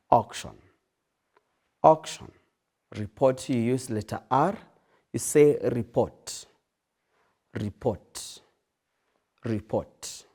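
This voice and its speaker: A man's voice: mid-range voice, darkish tone. A man teaching sign language, who names each word and repeats it several times while he demonstrates the sign. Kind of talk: slow instructional demonstration.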